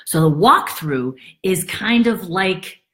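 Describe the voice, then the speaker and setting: A woman realtor talking casually to camera, acting out quoted worries in a higher voice. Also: slow. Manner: animated, acts out quoted thoughts in a high voice. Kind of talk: casual explainer monologue.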